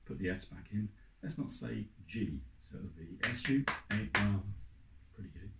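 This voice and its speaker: A man's voice: on the low side, expressive, moderate pace, vocal fry. A man teaching an online music lesson to children, upbeat and encouraging, counting in and singing along. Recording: echoey room with faint noise.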